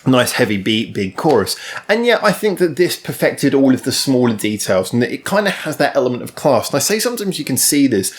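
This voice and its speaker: A man talking casually through a music review for his channel, at a mid-range pitch. He rambles, circles back on himself and fills pauses with ums and uhs as he gathers his thoughts. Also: big pitch swings. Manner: rambling and chatty, full of ums and restarts.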